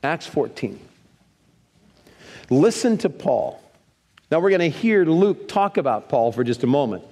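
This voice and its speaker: A man preaching a sermon in a church, lively, leading the congregation in reading scripture aloud. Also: a little high, a little slow, long pauses. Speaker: pastor. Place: church sanctuary. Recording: long reverb of a church hall.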